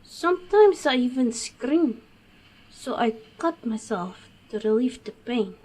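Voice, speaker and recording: A woman voicing a troubled young female patient in a game, speaking in a slow, plain way. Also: fairly high pitch, big pitch swings, darkish tone, heavily acted, rough recording. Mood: tense. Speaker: game character. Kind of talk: game dialogue.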